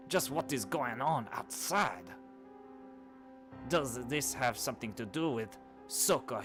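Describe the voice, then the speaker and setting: Sakuya: man doing a haughty fake-French bird aristocrat. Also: mid-range voice. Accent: put-on French. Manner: imperious, scornful. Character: haughty aristocratic male bird student council president.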